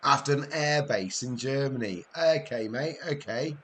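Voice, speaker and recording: Chatty man hosting a game stream, mid-pitched, quick to laugh. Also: fairly bright tone. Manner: chatty, laughs often, joking with chat. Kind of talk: casual live-stream chat.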